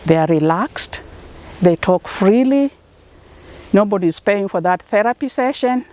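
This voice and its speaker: A middle-aged woman from Kenya speaks with a Kenyan accent in an interview. She answers at a medium pitch and in a mid-range voice, earnest and encouraging, easing into little stories as she goes. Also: expressive, a little slow, warm tone. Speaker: organic corn farmer, interviewee.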